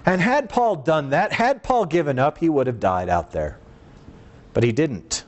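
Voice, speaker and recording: A man preaching a sermon and reading scripture aloud, earnest, asking rhetorical questions and dropping low and slow to stress a point. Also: very animated, darkish tone, highs cut off.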